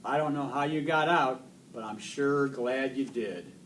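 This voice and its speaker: A man voicing a gentle young schoolboy who speaks softly and earnestly. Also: mid-range voice, measured pace, lightly acted. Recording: distant mic, faint noise.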